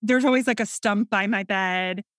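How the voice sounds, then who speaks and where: A middle-aged woman from the Midwest with a Midwestern American accent, talking in a chatty, animated storytelling way in a casual conversation. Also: medium pitch, normal speed, dry recording, clean studio sound. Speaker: cookbook author guest.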